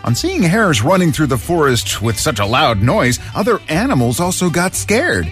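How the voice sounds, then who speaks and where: Man narrating with a very animated voice. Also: a little high, normal speed, faint music behind. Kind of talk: children's story narration.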